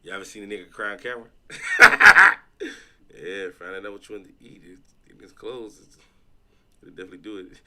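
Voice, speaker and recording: A man's voice: lowish voice, a little fast, bright, forceful tone. A man from Chicago reacting to videos on stream, talking loosely and profanely with frequent restarts. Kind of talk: casual reaction stream chat.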